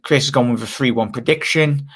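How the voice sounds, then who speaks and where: Chatty English host reading fan comments. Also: male voice, medium pitch, fairly quick, fairly bright tone, slightly rough. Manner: chatty, reads viewer comments aloud, laughs often. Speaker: channel host. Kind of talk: casual live stream chat.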